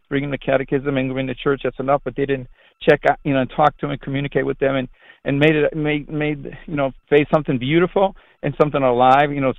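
Middle-aged priest, earnest and rambling, a bit high-voiced, on a dry phone line. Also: male voice, creaky, no room sound. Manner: rambling, earnest, with frequent restarts. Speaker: Catholic priest. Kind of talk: conversational interview answers.

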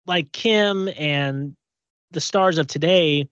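A man's voice: fairly high pitch, slow pace, fairly bright tone, clean tone, no room sound, muffled recording. A man co-hosting a podcast, talking loosely and conversationally about celebrity gossip. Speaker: podcast co-host. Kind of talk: casual gossip chat.

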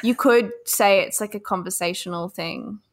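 Relaxed woman co-host asking questions. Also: mid-range voice, normal speed. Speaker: podcast co-host. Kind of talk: casual chat.

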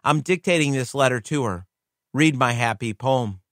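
A man's voice: medium pitch, moderate pace, fairly bright tone, no echo, natural voice. Heartfelt blind little girl writing to gramps, as a man reads her letter, dry close sound. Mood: eager, heartfelt. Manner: eager, wondering, heartfelt.

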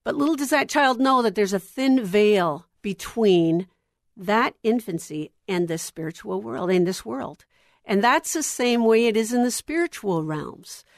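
A middle-aged woman preaches to a room of women, weaving a personal story into her message and acting out the voices in it. Her voice sits a little high, and the sound is dry and close. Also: no room sound. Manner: animated storyteller, acts out dialogue. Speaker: women's ministry speaker.

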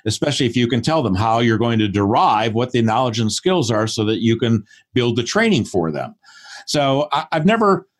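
Man in his 60s, mid-pitched, reflective podcast guest, acts out quotes. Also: big pitch swings, normal speed. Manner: thoughtful, acts out quoted dialogue. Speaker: podcast guest, performance consultant. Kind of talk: casual interview talk.

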